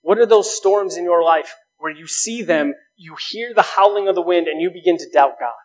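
Here a pastor with an unusually high male voice speaks at an ordinary pace, earnestly pressing his arguments through a string of rhetorical questions and mounting emphasis. The sermon comes through on a rough recording.

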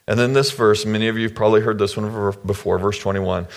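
A man's voice: lowish voice, fairly even intonation, fast talker, creaky, hardly any pauses. A middle-aged male pastor giving a conversational sermon to his church, acting out the people he quotes with sudden jumps in voice.

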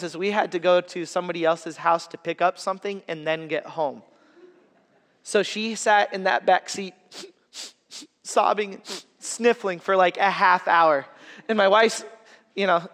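A man's voice: sits high, fairly bright tone. A man in his thirties preaching a sermon as a pastor, earnest and conversational, with personal stories and humor. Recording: echoey hall reverb.

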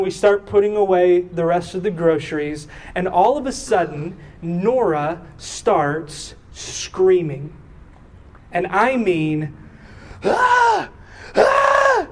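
A high-voiced man preaches slowly and deliberately, telling a family story and acting out its voices. He sounds set back from the microphone, with a faint hum of the room behind him. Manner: animated, acts out voices in his stories. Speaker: pastor. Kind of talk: sermon with personal storytelling. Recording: distant mic with faint room noise.

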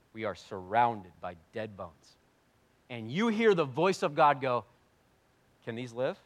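A man preaching a sermon, animated and jokey, swinging between loud bursts and quiet asides. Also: a little high. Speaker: pastor.

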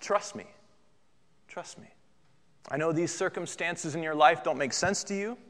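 A calm, reassuring divine teacher who speaks softly and earnestly, as a preacher puts him on. The voice is a touch high and trails into a long hall reverb. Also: male voice, a little fast, natural voice. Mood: gentle. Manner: soft and pleading.

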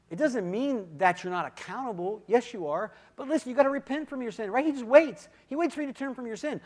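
A man giving a sermon testimony, swinging from quiet, intimate moments to loud, emphatic calls, with repeated "come on" and "listen". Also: high-pitched. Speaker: guest speaker giving testimony.

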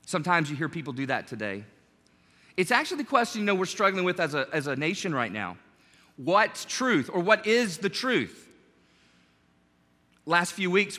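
A man preaching a sermon as pastor, animated and conversational, joking with his congregation. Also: fairly high pitch, long reverb tail.

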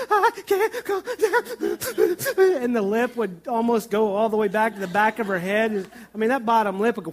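A middle-aged man, a pastor, preaching a sermon and telling funny childhood stories. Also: high voice. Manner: storytelling with humor and vivid childhood anecdotes.

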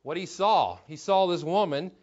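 A man's voice: high-pitched, moderate pace. A man preaching a sermon in an earnest teaching tone, asking rhetorical questions and often restarting his phrases. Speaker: pastor. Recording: dull lo-fi recording.

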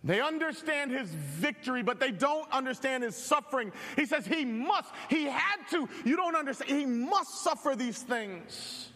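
A man with a very high voice preaches animatedly, shouting out now and then. His voice rings out with a long reverb, as in a large church hall. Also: animated, moderate pace, few pauses. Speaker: pastor. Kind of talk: sermon.

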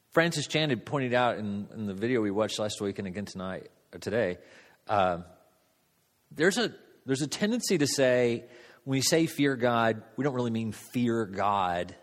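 A man pastor giving a sermon in a church, conversational and halting, with frequent fillers. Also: mid-range voice, long reverb tail. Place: church sanctuary.

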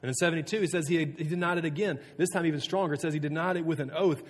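A man preaching a sermon in a relaxed, chatty way, full of filler words and restarts. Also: fairly high pitch, very fast, hardly any pauses. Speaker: pastor. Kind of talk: casual conversational sermon. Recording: long hall reverb.

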